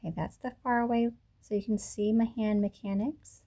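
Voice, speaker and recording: A woman teaching a beginner crochet lesson, talking patiently through each step and slowing down to repeat the moves. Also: mid-range voice, fairly even intonation, warm tone. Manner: patient, talks through each step slowly, self-correcting. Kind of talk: tutorial instruction. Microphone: camera mic.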